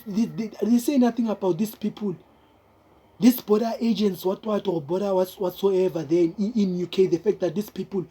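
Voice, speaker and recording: A woman's voice: on the low side, dark tone, breathy edge. A young South African woman with a South African accent, talking straight to her viewers in casual, emphatic commentary, repeating herself and calling them guys.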